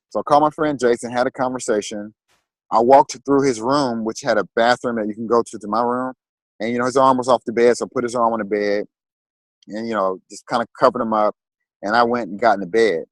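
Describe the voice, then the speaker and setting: Male guest recounting a personal story, mid pitch, halting delivery, dry sound. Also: no echo, low-quality recording. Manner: halting, repeats words when moved.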